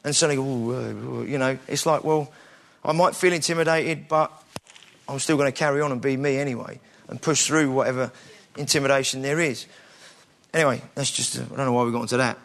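Here a middle-aged man with a British English accent preaches an informal, conversational sermon, frequently restarting and adding self-deprecating asides. His voice is medium in pitch, steady, fairly bright, and a little fast.

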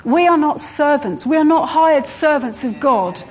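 A woman preacher delivering a sermon in a high voice. She takes her time, leaning on each phrase and repeating lines for emphasis. Her pace is slow and deliberate throughout. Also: animated.

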